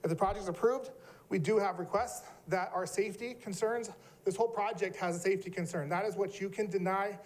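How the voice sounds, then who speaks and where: A man's voice: high voice, fairly even intonation, fairly quick. A middle-aged man giving an emotional, earnest public comment at a city planning meeting.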